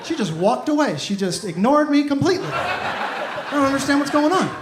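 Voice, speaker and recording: High-voiced man doing stand-up. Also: normal speed. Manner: self-deprecating, animated storytelling with acted-out dialogue. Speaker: stand-up comedian. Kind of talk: stand-up comedy set. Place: comedy club stage with laughing audience. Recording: echoey club room with crowd noise.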